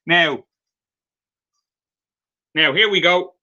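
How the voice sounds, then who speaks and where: A man's voice: a little high, very slow, pushed and bright, highs cut off. An Irish man in a live video stream, a craft vendor showing off his handmade pieces and telling light-hearted stories, with many fillers. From Ireland. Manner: chatty storytelling with many fillers. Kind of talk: live product demonstration.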